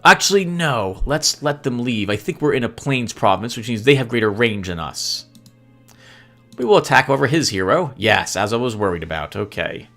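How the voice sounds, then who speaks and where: Lively man giving gameplay commentary. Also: medium pitch, moderate pace, faint music behind. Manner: chatty, laughs often, sheepishly apologetic. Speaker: let's play host.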